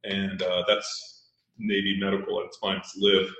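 A man's voice: low voice, level tone, normal speed, creaky, fairly bright tone. Blunt, profane man in an echoey room. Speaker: podcast host. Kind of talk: casual storytelling chat.

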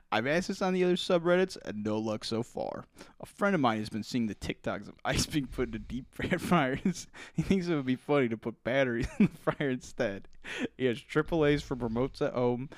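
A man's voice: medium pitch, no echo. Playful young man, dry close sound. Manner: laughs often, playful. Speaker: podcast co-host. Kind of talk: casual podcast chat, reading posts aloud.

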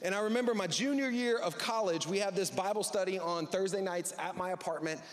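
Male pastor, high voice, casual sermon style with acted-out quotes, long hall echo. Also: a little fast. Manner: conversational, acts out quoted voices. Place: church service.

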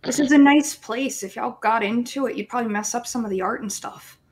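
A woman's voice: a little high, fairly quick, husky. A woman playing a tabletop role-playing game, hesitant and reasoning things out. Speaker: player.

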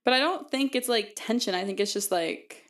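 A woman's voice: on the high side, normal speed. A young woman co-hosting a podcast, speaking in a teasing, matter-of-fact way. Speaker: podcast co-host. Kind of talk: casual chat.

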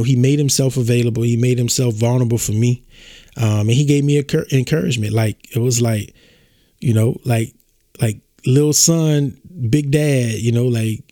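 A man's voice: mid-range voice, a little mellow, no room sound, studio quality. A young adult man hosting a podcast, telling a personal story in a casual, emotional way, talking to listeners as y'all and often restarting his sentences. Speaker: podcast host.

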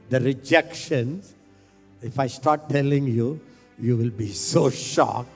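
A man from India preaching a sermon, impassioned and leading the crowd in call-and-response with slow, stretched phrases. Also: medium pitch.

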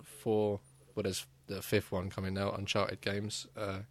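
A man's voice: lowish voice, monotone, unhurried. A man chatting casually about video games, rambling with many fillers and restarts. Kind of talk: casual gaming chat.

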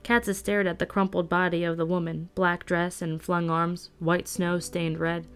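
A woman reading a novel aloud at a steady storytelling pace. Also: fairly low pitch, a little slow, clean tone, soft background music. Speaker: audiobook reader. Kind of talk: scripted narration.

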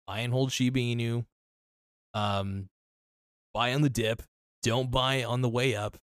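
A man with a lowish voice rambles through a solo podcast monologue, loose and profane, often restarting his sentences. His voice sounds a little worn, as if he is losing it. The sound is dry and close, with no room echo. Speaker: podcast host.

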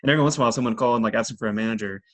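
Fast-talking male podcast co-host who rambles casually. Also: medium pitch. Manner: rambling, heavy use of "like". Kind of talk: casual chat.

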